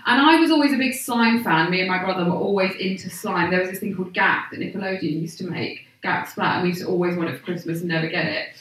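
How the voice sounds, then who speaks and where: A woman's voice: lowish voice, quick pace, few pauses, a bit bright, reverberant, recorded from a distance, rough recording. A woman, a podcast guest who tells rambling, self-deprecating stories with lots of laughter. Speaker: podcast guest, comedic actress. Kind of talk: casual chat.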